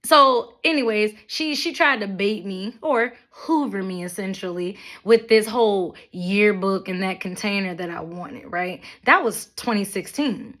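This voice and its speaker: A young adult woman vlogging a blunt, profane rant to her viewers, with mocking asides and animated storytelling. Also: mid-range voice, a little slow, hardly any pauses. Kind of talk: ranting monologue to camera.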